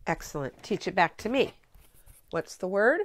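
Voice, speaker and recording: A woman training teachers in a spelling method, explaining clearly and deliberately in a coaching tone. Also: medium pitch, animated. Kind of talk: instructional teaching demonstration.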